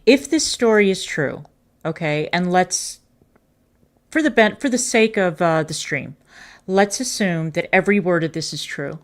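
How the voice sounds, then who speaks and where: Woman, lowish voice, scornful stream commentator. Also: animated, a little slow. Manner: sarcastic, scornful. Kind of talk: sarcastic reaction commentary.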